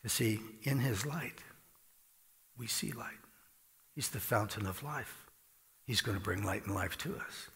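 A man preaching a sermon as pastor, animated and conversational, with a dry mouth. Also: on the low side, a little slow, gravelly, pauses often, long reverb tail.

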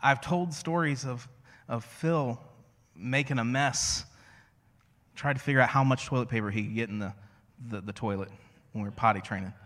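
A man preaching a sermon as a pastor, conversational and storytelling, slowing to a hush on key phrases. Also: mid-range voice, long reverb tail. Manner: conversational, storytelling with self-deprecating asides.

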